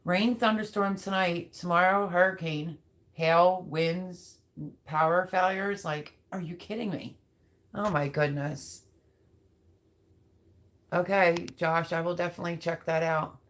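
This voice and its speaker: A woman's voice: lowish voice, fairly even intonation, unhurried, a bit bright. A woman hosting a casual live stream who chats and rambles to viewers while reading their comments aloud. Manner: chatty, rambling, talks straight to viewers. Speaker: livestream host reading chat.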